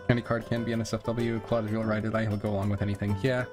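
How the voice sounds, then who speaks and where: A man's voice: on the low side, flat delivery, racing, few pauses, music in the background. A man reading out an AI text adventure and joking about it in an offhand, casual way. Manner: joking, offhand, laughs often. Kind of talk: casual narration and commentary.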